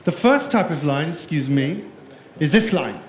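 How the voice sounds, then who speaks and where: A man's voice: a little high, lively intonation, measured pace, slight background noise. Playful man speaking in an echoey room. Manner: playful, jokey, quizzes the audience. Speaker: keynote speaker. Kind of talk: conference keynote talk. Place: conference room before a live audience.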